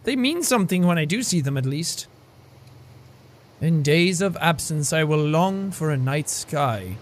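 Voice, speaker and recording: A man doing a wise old deer who speaks slowly and soothingly, with a lowered, hushed voice. The deer is serene and gently philosophical. It sounds like a calm spirit from a story game. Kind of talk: reading game dialogue aloud.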